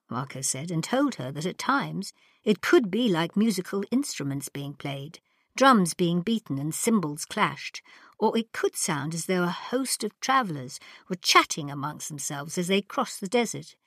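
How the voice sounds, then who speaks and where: Woman, storyteller, lower voice, very lively pitch, dry close sound. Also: moderate pace, dry recording. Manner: dramatic, expressive reading. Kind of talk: scripted narration.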